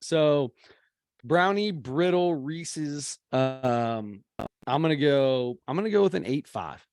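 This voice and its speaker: A man's voice: a little high, expressive, slow, darkish tone, clean tone. Chatty man telling a story. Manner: storytelling, rambling with restarts. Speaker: co-host. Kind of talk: casual chat.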